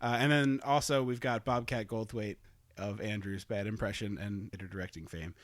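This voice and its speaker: A man's voice: fairly low pitch, fairly even intonation, normal speed, dry recording, clean studio sound. A man co-hosting a movie podcast, chatting casually and rambling into asides with frequent laughs. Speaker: podcast co-host.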